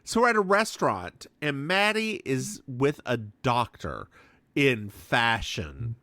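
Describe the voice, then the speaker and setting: A man chatting through an episode recap with a bright, forceful voice that swoops up and down. He talks in an unhurried way, acts out the lines in put-on voices and curses casually. The sound is dry and close. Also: mid-range voice, no room sound. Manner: animated, acts out quotes in voices; swears freely. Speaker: podcast co-host.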